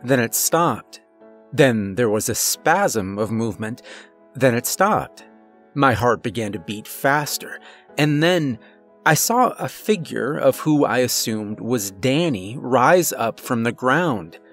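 A man giving a measured, low-key scripted horror narration. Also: expressive, a bit bright, faint music behind.

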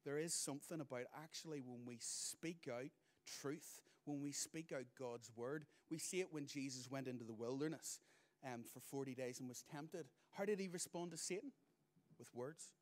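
A man in middle age preaching a sermon at an even, middle pitch. He drives points home with loud bursts and then drops to near-quiet asides. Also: normal speed. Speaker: pastor.

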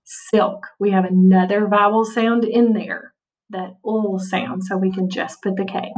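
Woman, spelling teacher, slow patient pace, distant mic, checks in often. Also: medium pitch, level tone, a little mellow. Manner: patient, repeats words and checks in with "okay?". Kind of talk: spelling lesson over slides.

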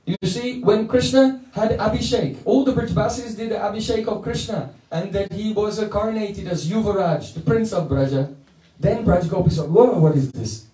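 A man's voice: sits high, normal speed, warm tone. A man giving a playful devotional lecture, telling stories and breaking into chanted verses. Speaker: spiritual teacher. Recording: echoey room, mic at a distance.

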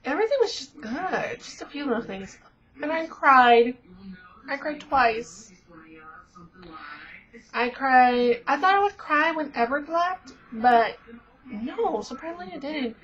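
A woman's voice: sits high, expressive, takes it slowly, pauses often, a bit bright. A teenage girl vlogger rambling in casual chat, gushing with lots of fillers. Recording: dull lo-fi webcam audio.

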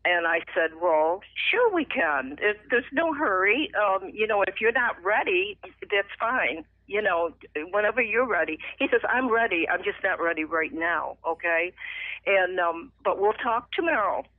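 A middle-aged woman telling her personal faith testimony as a radio guest, emotional and animated, acting out the voices in her story. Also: medium pitch, unhurried, no room sound. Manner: emotional, animated retelling with lively acted quotes. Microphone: phone. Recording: tinny dry phone line.

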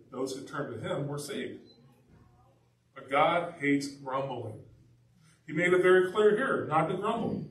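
A male pastor preaching in a loose, conversational way, his voice sitting a little high for a man. He sounds set back from the mic, with the church's echo around him. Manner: conversational, animated storytelling. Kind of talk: sermon. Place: church sanctuary. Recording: echoey church from a distance.

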